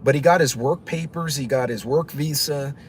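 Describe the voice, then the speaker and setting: A man's voice: on the high side, moderate pace, a little hiss or hum. Rambling man telling a story. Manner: rambling, with many fillers and restarts; acts out other people's voices while retelling. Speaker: channel host. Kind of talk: casual storytelling.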